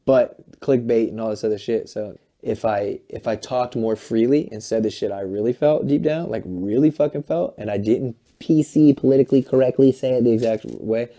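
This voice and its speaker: A man in his late twenties, a musician being interviewed, talking in an animated, rambling, profane way and acting out what other people say. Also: medium pitch, normal speed, hardly any pauses. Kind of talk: candid interview talk.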